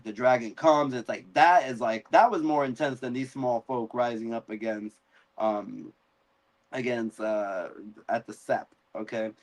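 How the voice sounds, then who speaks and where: A man hosting a live-stream chat about a TV episode. He tells it in an animated way, with sudden jumps in pitch when he acts out characters' lines. His voice sits at a middle pitch with loose fillers. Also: measured pace, rough recording. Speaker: podcast host.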